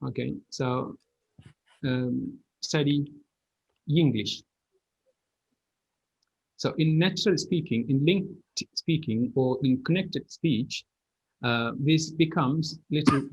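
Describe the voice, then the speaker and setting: A man's voice: medium pitch, takes it slowly, gravelly, breathy edge, highs cut off. A man teaching English pronunciation in an online class, explaining with repeated example phrases.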